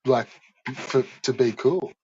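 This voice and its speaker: A man's voice: mid-range voice, slow, highs cut off, over a noisy crowd. A man streamer in casual chat, laid-back and rambling, with casual swearing.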